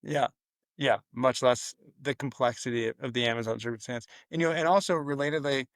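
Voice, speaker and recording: A man's voice: mid-range voice, fairly even intonation, brisk, no echo, studio quality. A man in a casual business podcast conversation, talking loosely with fillers and frequent tag questions.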